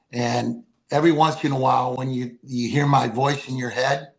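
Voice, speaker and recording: A man's voice: medium pitch, gravelly. An older man, a podcast guest, telling folksy, heartfelt stories and reciting poems. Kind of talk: storytelling interview.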